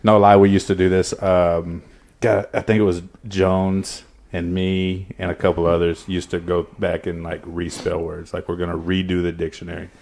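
Male guest, lower pitch, chatty anecdote teller. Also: little pitch movement, normal speed, vocal fry, a little mellow. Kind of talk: casual chat.

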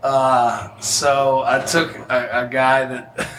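A man's voice: mid-range voice, flat delivery, extremely slow, fairly bright tone, a little hiss or hum. Profane man telling a wild story. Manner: profane, blunt, laughs through his story. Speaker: podcast guest. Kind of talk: casual storytelling.

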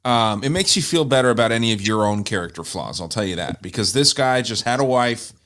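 A man's voice: medium pitch, animated, brisk, a bit bright. A young man co-hosting a podcast, talking in a loose, rambling way and swearing freely. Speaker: podcast co-host. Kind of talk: casual chat.

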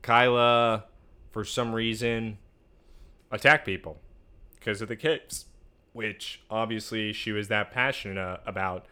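A man's voice: fairly low pitch, steady tone, unhurried, long pauses, pushed and bright, smooth. A man co-hosting a casual podcast, recapping a TV episode and insistently arguing his theories. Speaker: podcast co-host.

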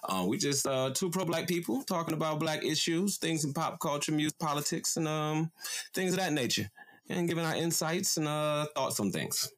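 A man's voice: fairly high pitch, normal speed, fairly bright tone. A young adult man co-hosting a casual podcast chat, rambling loosely with lots of fillers and cussing. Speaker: podcast co-host.

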